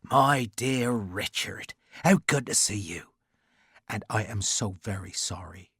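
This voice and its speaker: A man plays a hearty naval captain with a rich Devonshire accent, affable and chatty. The voice is slightly raised, with a husky grain, and it is recorded dry and close. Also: lowish voice, expressive, slow, a bit bright, dry recording, exaggerated voice. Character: cheerful, warm-hearted male naval captain.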